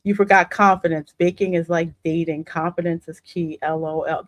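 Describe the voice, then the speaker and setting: A woman with a Southern US accent hosting a casual reaction show, sassy and quick to laugh. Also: fairly low pitch, no room sound. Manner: sassy, animated, laughing often. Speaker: host reacting to videos.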